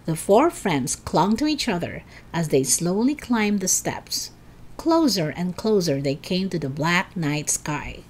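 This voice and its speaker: Woman narrator, expressive storybook reading, animated pitch. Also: a little slow, husky. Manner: expressive, dramatic. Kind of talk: children's book read aloud.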